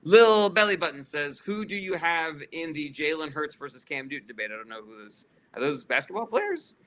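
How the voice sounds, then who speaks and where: A man with a bright, forceful voice hosts a casual livestream, reading chat questions aloud one after another. He answers bluntly and swears freely, with plenty of ums and uhs. With some chatters he turns heated and sarcastic. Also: on the high side, animated, normal speed. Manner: blunt and profane, with frequent fillers.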